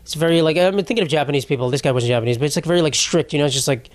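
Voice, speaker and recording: The podcast host, a man in his twenties, talks very fast in a fairly high voice with no room sound. He rambles through a foul-mouthed comedic monologue and frequently starts over.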